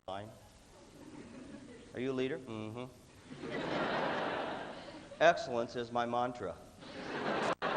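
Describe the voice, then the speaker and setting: A man giving a joking, animated leadership workshop to a student audience in a large hall. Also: mid-range voice. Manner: animated, joking, acts out quick voices and sudden shouts. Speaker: leadership speaker. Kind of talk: motivational workshop talk. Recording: echoey hall, faint room noise.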